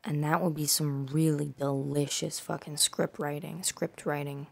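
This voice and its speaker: A young woman hosts her own podcast in a loose solo monologue. Her voice sits low and carries a gravelly fry as she rambles from thought to thought. She swears freely and fills her talk with "like" and "dude". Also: little pitch movement, unhurried, darkish tone. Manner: rambling, profane, lots of "like" and "dude". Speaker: podcast host.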